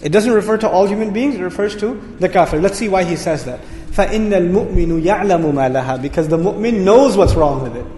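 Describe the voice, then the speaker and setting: Male Quran teacher, quick delivery, repeats key points, roomy lecture-hall echo. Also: high-pitched, a little hiss or hum. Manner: energetic explaining, repeats key words. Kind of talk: lecture on Quranic word meanings. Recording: echoey hall reverb.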